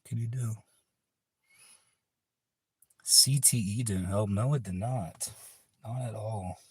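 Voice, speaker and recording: A man's voice: lowish voice, slow pace, darkish tone, husky, no room sound. A man hosting a livestream in casual chat, laid-back, rambling and profane. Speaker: livestream host.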